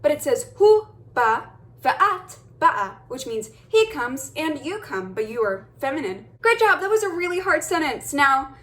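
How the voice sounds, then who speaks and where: A young woman with a high voice runs a casual video lesson. She sounds upbeat and cheers her viewers on as she explains each step. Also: sing-song, a little slow, fairly bright tone. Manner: upbeat, encouraging, addresses viewers as guys. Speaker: language teacher.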